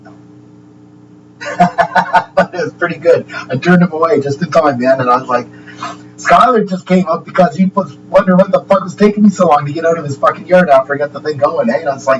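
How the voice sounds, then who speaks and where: A man's voice: fairly high pitch, a little fast, far from the mic, poor audio. A man chatting loosely on a livestream, swearing constantly and chuckling between sentences. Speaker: livestream host. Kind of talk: rambling casual chat. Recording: steady hum in the background.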